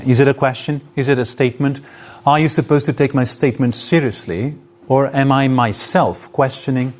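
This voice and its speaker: A man's voice: mid-range voice, darkish tone. A man lecturing to an audience in a hall, explaining his points with spoken examples and shifts in intonation. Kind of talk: live lecture.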